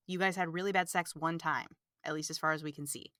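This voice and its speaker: A woman hosting a podcast, recapping a movie in casual, animated, exasperated chat full of "like". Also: on the low side, brisk, no room sound, clean studio sound. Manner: animated, exasperated, fills talk with "like". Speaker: podcast host.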